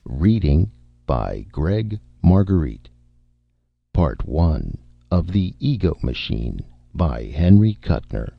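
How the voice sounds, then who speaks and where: A man narrates a story in a measured, storytelling manner. His voice is extremely deep and gravelly, with lively swings in pitch. The recording is dry, muffled and lo-fi. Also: dry recording, faint music behind. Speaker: audiobook reader. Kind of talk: scripted narration.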